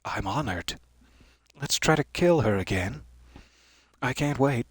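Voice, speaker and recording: A man's voice: mid-range voice, lively intonation, measured pace, no room sound. A man giving live gameplay commentary, wry and musing, chatting to the enemies he fights. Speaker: streamer playing a video game.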